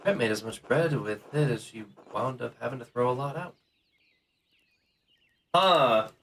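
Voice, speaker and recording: A man's voice: mid-range voice, lively intonation, unhurried, fairly bright tone. A man streaming a video game, chatting casually and reading characters' lines aloud in his own voice.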